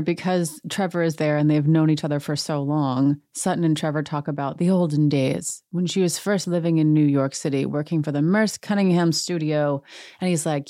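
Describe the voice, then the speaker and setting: A woman with a lowish, mellow voice chats casually through a recap, full of sarcastic asides. Her sound is close and dry, with no room around it. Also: no room sound. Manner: sarcastic, chatty, quick to mock. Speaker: podcast host recapping a reality show. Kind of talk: casual chat.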